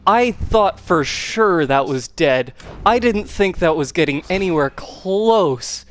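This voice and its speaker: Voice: medium pitch, expressive, slow pace, no echo. A gameplay commentator reacting with panicky outbursts and nervous laughs, counting attack timings aloud and catching their breath afterward. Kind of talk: live gaming commentary.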